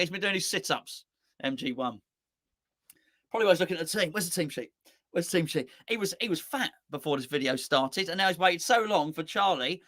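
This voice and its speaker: A man's voice: high-pitched, sharp tone, dry recording, studio quality. A man with a sore throat, hosting a football fan channel in casual, rambling live chat that mocks itself with many restarts. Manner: rambling, jokey and self-mocking, with many restarts.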